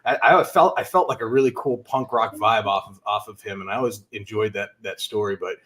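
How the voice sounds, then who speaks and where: A man's voice: on the low side, fairly quick, a bit bright. A man co-hosting a live stream, talking casually and cursing freely. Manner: easygoing storyteller, swears freely. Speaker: stream co-host. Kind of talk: casual chat.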